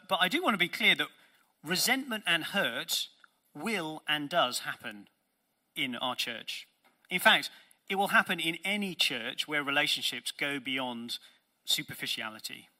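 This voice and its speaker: A man's voice: a little high, bright, forceful tone. A man preaching a sermon as pastor, earnest and emphatic, posing rhetorical questions to his congregation.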